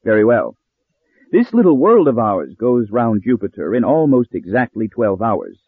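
Here a man plays a pompous, self-satisfied older professor, scheming and coolly menacing behind polite threats. He speaks in a slightly rough mid-range voice, very animated, at a moderate pace, with no echo but a thin, phone-like quality.

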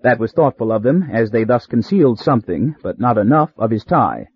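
A man narrating a story in a measured, wry way, with a husky voice. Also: medium pitch, sing-song, no echo. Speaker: audiobook narrator. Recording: slightly dull dry recording.

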